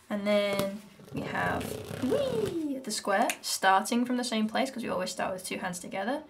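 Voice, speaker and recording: A woman's voice: medium pitch, sing-song, normal speed, gravelly, noisy background. British woman teaching handpan rhythm. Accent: British English. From Britain. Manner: counts beats aloud, chatty and explanatory. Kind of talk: music lesson. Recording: music playing in background. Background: handpan music.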